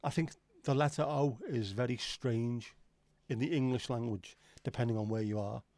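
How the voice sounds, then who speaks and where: A man's voice: medium pitch, fairly even intonation, normal speed, darkish tone, dry recording. Jokey man chatting on a dry mic. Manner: rambling, jokey, swears casually. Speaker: livestream host. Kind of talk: casual chat reading viewer comments.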